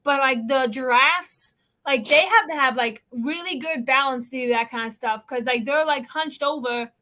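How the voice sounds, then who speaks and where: A woman's voice: high voice, moderate pace, pushed and bright. A young woman hosting a casual chat, talking in a rambling way with lots of filler words. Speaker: host.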